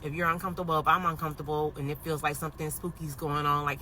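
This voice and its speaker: A woman's voice: low-pitched, fast talker, a little hiss or hum, rough recording. A woman in her thirties telling a personal paranormal story in a casual, emotional storytime vlog, with lots of "like" fillers. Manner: emotional, animated retelling with many "like" fillers. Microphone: phone.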